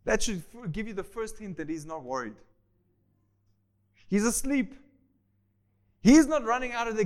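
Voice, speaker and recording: High-voiced animated male preacher. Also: moderate pace, long pauses. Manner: animated, acts out voices of the disciples and Jesus; swings between loud emphatic bursts and quiet asides. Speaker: pastor. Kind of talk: sermon.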